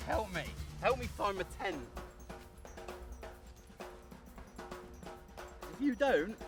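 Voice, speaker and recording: An actor playing a foul-mouthed survivalist living alone in the wild, rambling and grumbling, with music playing behind him. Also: male voice, high voice. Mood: drunken ranting. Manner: swearing constantly, rambling and grumbling. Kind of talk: improvised mockumentary acting.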